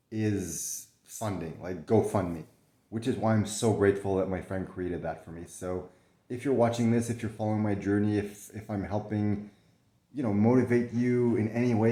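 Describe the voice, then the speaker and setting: A man's voice: lowish voice, warm tone, roomy sound. A young man talking candidly from bed in a casual vlog, swearing often, restarting his sentences, coughing and short of breath. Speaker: vlogger sharing his illness. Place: in bed at home.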